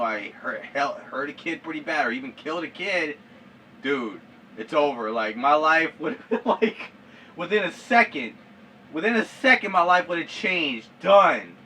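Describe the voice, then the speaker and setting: A man's voice: fairly high pitch, expressive, a little slow, bright, forceful tone, a little hiss or hum. A young man telling a story casually to his viewers, slangy and swearing, laughing at his own tale. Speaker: vlogger. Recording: voice a bit far from the mic.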